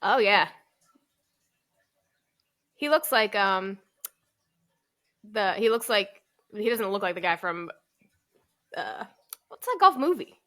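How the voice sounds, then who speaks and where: Woman asking quick questions in a chat. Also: medium pitch, expressive, a bit bright. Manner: brief reactions and quick questions. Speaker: podcast co-host. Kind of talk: casual chat.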